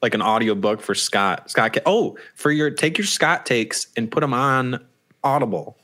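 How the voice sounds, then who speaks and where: A man's voice: medium pitch, moderate pace, sharp tone. A man co-hosting a casual podcast, rambling and joking and swearing freely. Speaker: podcast co-host.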